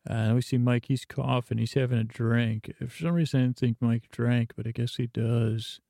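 Gravelly guy droning a slow rambly bedtime recap, flat delivery, lots of uhs. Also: mid-range voice, dry recording, studio quality. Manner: meandering, monotone, filler-heavy. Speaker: podcast host.

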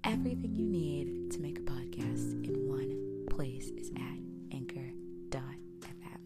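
A woman hosting a story podcast, talking softly in a half whisper, her voice raspy from sinus trouble. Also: rumbling low, expressive, loud music behind the voice. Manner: soft, half-whispered and unhurried. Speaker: podcast host. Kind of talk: soft-spoken storytelling podcast intro.

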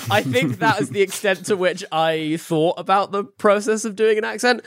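An English man co-hosting a tabletop role-play podcast, chatting in a casual, animated way. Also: on the high side, brisk, dry recording, studio quality. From England. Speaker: podcast co-host.

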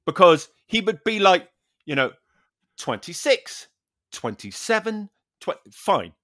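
Lively British man telling a story. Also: high voice, takes it slowly, no room sound, studio quality. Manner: animated, swears a lot, acts out dialogue. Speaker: podcast host. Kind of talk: casual storytelling.

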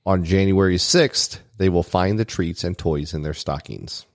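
Deep-voiced man reading trivia aloud. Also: measured pace, no echo, clean studio sound. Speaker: podcast co-host.

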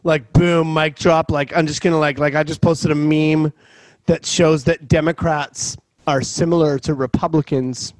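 A man's voice: on the high side, fairly even intonation, normal speed, no echo. A man of forty hosting a podcast, riffing in rambling, profane casual chat. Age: 40s. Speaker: podcast host.

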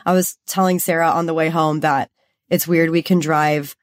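A woman's voice: deep voice, steady tone, normal speed. A young woman from Los Angeles co-hosting a podcast, talking in a bubbly, chatty way and saying "like" a lot. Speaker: podcast co-host. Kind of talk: casual chat.

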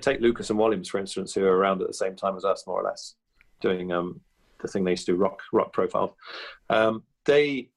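A man's voice: fairly low pitch, vocal fry. A middle-aged comedian as an interview guest, talking animatedly about his craft and slipping into voices. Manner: animated, jumps into character voices. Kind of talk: podcast interview.

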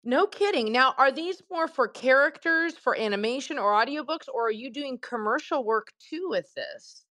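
A woman's voice: high-pitched, expressive, normal speed, sharp tone, no echo. A woman co-hosting a panel discussion, upbeat and laughing easily as she leads the questions. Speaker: podcast co-host.

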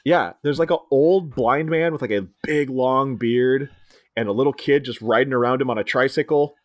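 On a podcast, a male co-host casually recaps a film, animatedly jumping into quoted lines and voices as he goes. He speaks at a moderate pace and medium pitch, in a dry, studio-quality recording.

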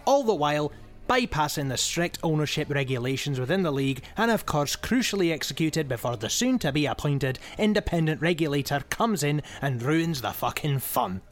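An actor with a Scottish accent playing a cynical, foul-mouthed football fixer who talks with sneering sarcasm. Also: male voice, a little high, sing-song, normal speed, faint music behind. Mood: scheming. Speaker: football club schemer. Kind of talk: comedic audio drama acting.

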